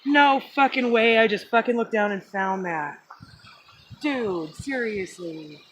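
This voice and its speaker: Woman freaking out on a hike, high voice, swearing nonstop, phone mic with a little outdoor noise. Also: expressive, unhurried, rough recording. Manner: overjoyed, swearing constantly, shouting in disbelief. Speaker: hiker filming a vlog. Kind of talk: excited outdoor vlog chatter. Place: outdoors by a creek. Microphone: handheld phone camera.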